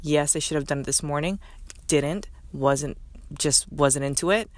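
A woman's voice: low voice, a little slow, dry recording. Candid woman giving herself a pep talk. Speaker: podcast host. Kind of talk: solo motivational podcast talk.

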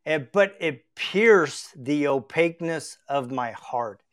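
Slow, smooth-voiced middle-aged man. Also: a little high, animated. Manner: earnest and reflective, with frequent restarts. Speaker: podcast host. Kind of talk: heartfelt conversational storytelling.

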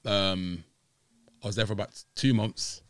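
A man's voice: fairly low pitch, measured pace, no room sound. A young man, chatting casually as a guest and telling stories in laid-back slang. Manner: laughing, animated storytelling with street slang. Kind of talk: casual chat.

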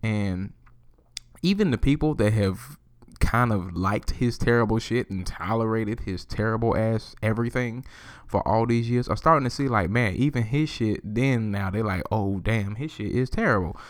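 A man hosting his own podcast, ranting solo in a profane, animated way and laughing often. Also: lowish voice, moderate pace, no echo, studio quality. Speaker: podcast host.

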